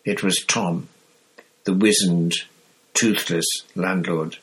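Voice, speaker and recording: A man reading a novel aloud in steady, measured narration. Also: low voice, rough recording. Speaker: audiobook reader. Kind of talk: scripted narration.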